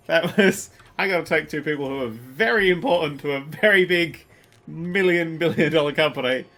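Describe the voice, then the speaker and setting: A man's voice: on the high side, normal speed, soft background music. A man streaming a prison game, joking, swearing and putting on silly accents. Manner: jokey, swears a lot, puts on silly accents; loud excited yelps. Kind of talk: casual livestream commentary.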